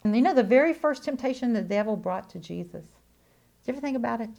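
Woman preacher, fairly high voice, emphatic testimony, loud then hushed. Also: quick pace, gravelly. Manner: animated, emphatic, swings between loud declarations and hushed asides. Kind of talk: sermon testimony.

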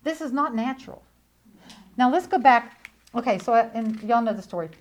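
Animated woman preaching. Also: on the high side, normal speed. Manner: animated, emphatic, swings between loud declarations and hushed asides. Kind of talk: sermon testimony.

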